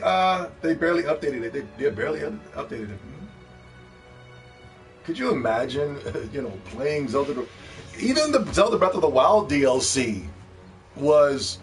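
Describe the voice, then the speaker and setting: A man streaming live, ranting loudly and mockingly at a game review, with plenty of profanity. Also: medium pitch, far from the mic. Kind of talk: live-stream reaction rant.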